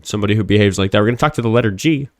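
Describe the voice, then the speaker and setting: A man's voice: on the low side, racing, darkish tone, no echo, clean studio sound. A young man hosting a livestream show, rambling and swearing casually with lots of fillers. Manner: rambling, profane, frequent fillers. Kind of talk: casual livestream talk with callers.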